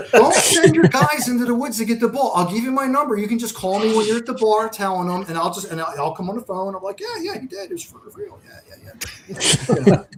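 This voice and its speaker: A man's voice: a little high, background noise. A man telling a long sports story in a casual podcast chat, acting out what people said. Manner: animated storyteller, acts out quotes. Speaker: charity founder, guest.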